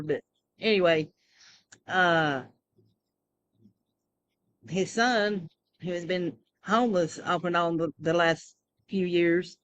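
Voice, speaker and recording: A woman's voice: lowish voice, dull audio, slight background noise. A woman rambling through a casual personal monologue, full of fillers and restarts. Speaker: vlogger.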